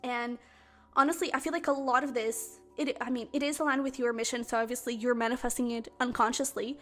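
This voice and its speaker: Brief: female tarot reader, high voice, effusive and excitable, chatty filler-heavy delivery. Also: brisk, faint music behind. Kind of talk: pick-a-card tarot reading to camera.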